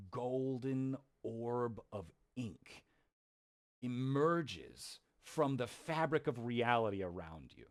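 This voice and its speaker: A man narrating a tabletop game as game master, playful and often laughing. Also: medium pitch. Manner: playful, laughing, with frequent restarts.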